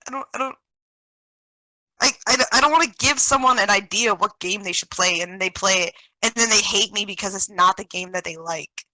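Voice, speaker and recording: A woman's voice: medium pitch, brisk, bright, forceful tone, no room sound, poor audio. A woman from Germany, a podcast guest in casual chat, talking bluntly and rambling with many restarts.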